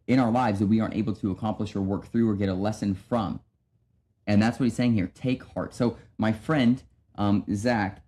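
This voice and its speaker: Young guy chatting about a bible verse, lowish voice, mellow, lots of "right?". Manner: conversational, many restarts and "right?". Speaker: podcast host. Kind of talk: casual devotional talk.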